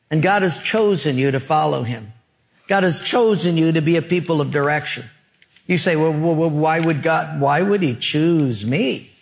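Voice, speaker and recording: A male pastor preaching a sermon with humorous stories, emphatic pauses and rhetorical questions. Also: on the high side, vocal fry.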